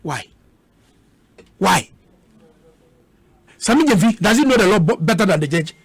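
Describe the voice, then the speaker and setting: Ghanaian man, heated radio debate, husky voice, hammers on repeated words. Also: high voice, expressive, a little slow, no room sound. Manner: combative, repeats words for emphasis, mixes in Twi. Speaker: politician guest on a radio debate.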